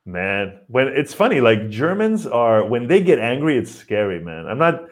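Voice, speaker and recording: A man's voice: medium pitch, sing-song, normal speed. A man hosting a podcast, joking and teasing his guest and laughing while he talks. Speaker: podcast host. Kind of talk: casual chat.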